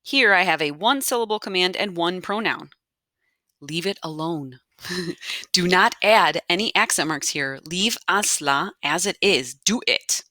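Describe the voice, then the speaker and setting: A woman's voice: fairly low pitch, lively intonation, unhurried, bright, forceful tone, dry recording, studio quality. A woman teaching a grammar lesson step by step, patiently explaining aloud as she marks up her notes. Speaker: Spanish teacher.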